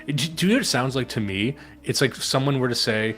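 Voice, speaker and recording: A man's voice: mid-range voice, quick pace, a bit bright, faint music behind. A man co-hosting a live stream in casual talk, sarcastic and profane, breaking into laughs.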